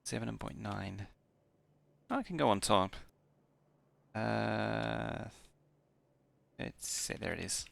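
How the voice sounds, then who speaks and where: Slightly tipsy from a few beers, a man streams a game, mumbling half-finished sentences and counting aloud to himself as he builds. His voice sits on the low side with vocal fry and a bit of brightness, and he talks slowly with frequent pauses.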